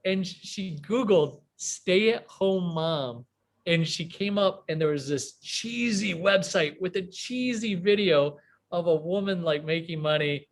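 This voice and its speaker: A man in his forties, from a small town in the American Midwest, speaks as an interview guest. His voice sits a little high for a man. He tells his story in a casual, rambling way, full of fillers, restarts and animated quoted dialogue. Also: a little slow. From US Midwest, small town near Chicago. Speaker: guest entrepreneur.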